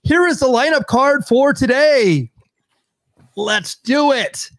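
Speaking slowly in a very high-pitched voice, a man hosts a casual podcast chat and introduces his co-hosts. He's relaxed, with plenty of fillers and restarts, and the studio-quality audio has no echo.

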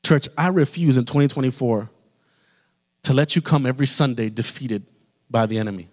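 A man's voice: medium pitch, fairly quick, a little mellow. A man preaches with fervor, calling out directly to the congregation in front of him. His voice sits in an ordinary middle register, and it rings out with the long reverb of a church hall. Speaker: pastor. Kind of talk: sermon. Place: church sanctuary.

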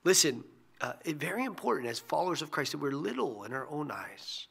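A man who is a pastor, giving a short devotional sermon in an earnest way, often dropping to a hushed near-whisper on key phrases. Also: a little high, big pitch swings, brisk, vocal fry, husky.

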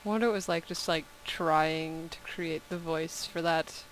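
This let's-player speaks low and unhurried, offering easygoing gameplay commentary while playfully talking to the game's animals. The recording is rough, with a constant hiss under her voice.

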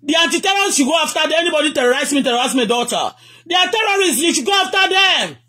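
Nigerian man, Yoruba native, angry live rant, very high voice, fast delivery. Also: expressive, bright, forceful tone. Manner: angry, repetitive, switching between English and Yoruba. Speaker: vlogger.

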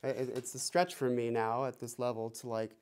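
Teasing drum teacher counting beats. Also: male voice, mid-range voice, flat delivery, brisk, a little mellow, smooth. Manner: playful, teasing, mock-threatening. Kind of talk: one-on-one music lesson. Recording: noisy room with drum clicks.

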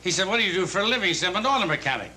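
An older man doing rapid one-liner stand-up with deadpan delivery on a television studio stage. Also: high-pitched, very noisy. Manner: punchy deadpan joke delivery. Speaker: stand-up comedian. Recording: 1970s TV audio with loud music. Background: studio audience laughter and a violin.

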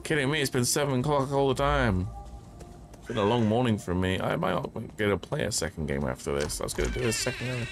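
A man's voice: mid-range voice, fast talker, gravelly, soft background music. A man streaming a horror game, reading notes aloud and joking as he plays. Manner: jokey, reads notes aloud, yelps when startled. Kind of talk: casual gameplay commentary.

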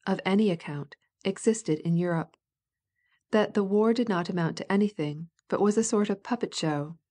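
A woman narrating a classic novel in a steady, even audiobook reading. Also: fairly low pitch. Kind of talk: scripted narration.

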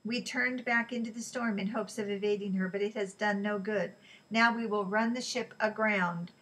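A woman reading aloud, voicing a determined male leader giving steady, urgent commands. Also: medium pitch, moderate pace, lightly acted.

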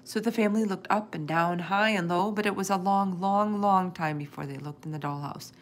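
A woman's voice: medium pitch, fairly quick. A woman reading a children's chapter book aloud, narrating expressively in the first person. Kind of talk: storybook read-aloud.

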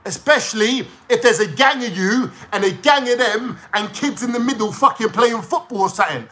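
Man, London accent, high-pitched, bright tense voice, angry swearing rant, young adult. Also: expressive, moderate pace, few pauses. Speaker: YouTuber ranting to viewers. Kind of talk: heated monologue.

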